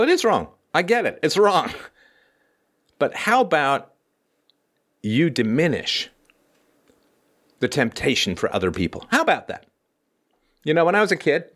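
Animated, sarcastic male livestream host. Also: fairly high pitch. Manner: sarcastic, theatrical, emphatic. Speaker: host and philosopher. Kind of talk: livestream commentary monologue.

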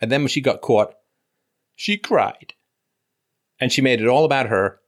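A man's voice: medium pitch, fast talker. A man hosting an advice call-in show, lecturing a caller emphatically and acting out quoted remarks mockingly.

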